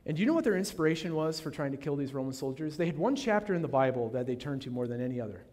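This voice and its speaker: A male pastor preaching a sermon in a dramatic way, swinging from loud proclamation down to a hushed near-whisper. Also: a little high, expressive, racing. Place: church sanctuary. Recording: long reverb of a large church hall.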